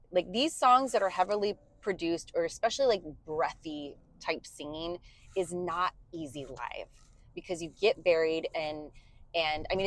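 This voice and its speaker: A woman's voice: deep voice, no echo, low-quality recording. A woman co-hosting a podcast, chatting casually in a moving car, with lots of fillers. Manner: chatty, many fillers, sings short demo bits. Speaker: podcast co-host and bandleader singer. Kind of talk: casual chat.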